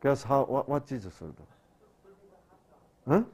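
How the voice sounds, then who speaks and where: A man's voice: medium pitch, expressive, measured pace, creaky, a little mellow, slightly rough. A man giving a sermon-style health talk, asking rhetorical questions and answering them himself, with broken, repetitive phrasing. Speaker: health lecturer.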